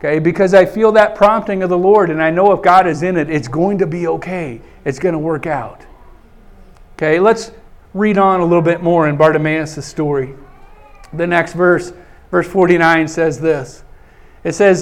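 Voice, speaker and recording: A man's voice: a little high, moderate pace. A man preaching a folksy sermon and reading scripture, often saying "okay" and acting out scenes in a raised voice. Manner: animated, acts out scenes in raised voice.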